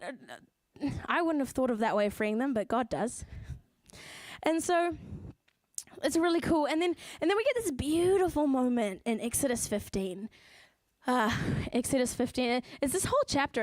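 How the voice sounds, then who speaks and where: Nz woman preaching, high voice, super animated storytelling, acts out the characters, dry close sound. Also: no echo. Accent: New Zealand. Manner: lively storytelling, acts out voices of the people and God. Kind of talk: sermon. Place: church.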